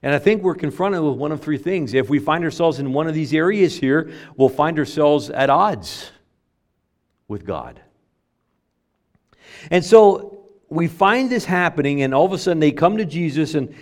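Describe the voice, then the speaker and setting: Animated conversational male preacher. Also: a little high. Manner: conversational preaching, acts out quoted voices, sometimes halting. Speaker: pastor. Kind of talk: sermon.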